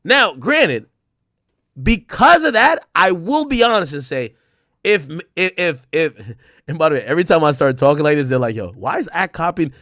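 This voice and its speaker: Animated high-voiced Jamaican man ranting. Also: moderate pace, no room sound, clean studio sound. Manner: animated, blunt, repeats words when getting going. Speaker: streamer and media personality. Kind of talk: casual livestream rant.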